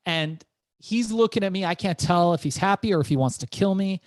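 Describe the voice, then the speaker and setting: A middle-aged man, an entrepreneur guest, telling his story in an animated interview and repeating words as he goes. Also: sits high, fairly quick, no room sound.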